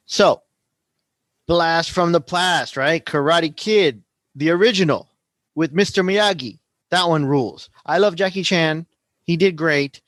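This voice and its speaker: A man's voice: fairly high pitch, no echo. A man in his forties hosting a podcast, talking casually and rambling through a story, often adding "right?". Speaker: podcast host. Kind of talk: casual teaching talk.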